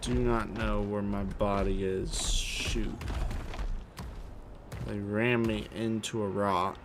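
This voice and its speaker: A man's voice: lowish voice, little pitch movement, slow pace, background noise. A man streaming a survival game live, grumbling to himself about lost gear and calling himself an idiot. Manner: grumbling to himself, frustrated and self-mocking. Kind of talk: livestream gameplay commentary.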